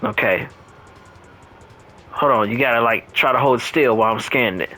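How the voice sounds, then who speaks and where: A man's voice: mid-range voice, moderate pace, low-quality recording. A young man chatting casually while playing a video game, telling a story and acting out both sides of an argument. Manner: storytelling, animated quoting of others. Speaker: gamer.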